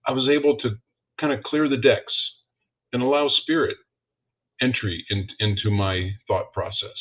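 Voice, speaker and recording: A man of middle pitch gives a conversational spiritual talk, full of ums and asides, sometimes lifting his voice to act out his own thoughts. The sound is thin and phone-like, as if coming in over a call. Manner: conversational, with many fillers, acting out his own thoughts in a higher voice. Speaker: licensed practitioner giving a talk. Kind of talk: sermon talk. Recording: tinny phone-like audio.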